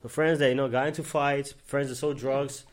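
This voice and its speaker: Against a noisy background, a young male podcast host from Miami speaks a little fast in a mid-range voice with fairly even intonation. He spins profane street stories on his casual show, acting out what others said.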